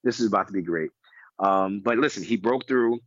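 A man from the United States chatting casually as a podcast guest, rambling with lots of restarts and animated asides. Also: lowish voice, brisk, dry recording. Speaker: guest DJ and tennis fan. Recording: dull lo-fi dry sound.

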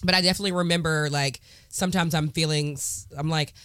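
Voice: medium pitch, steady tone, fast, a bit bright, clear, resonant tone, no echo, studio quality. A podcast co-host chatting casually, laughing often and acting out quotes. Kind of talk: casual advice chat.

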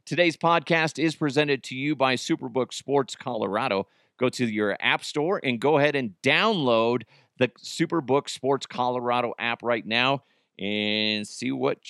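A man's voice: medium pitch, measured pace, dry recording, studio quality. A man in his thirties with an American accent, hosting a casual podcast and telling stories with acted-out quotes. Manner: animated storytelling, acts out quotes. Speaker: podcast host. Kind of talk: casual solo podcast chat.

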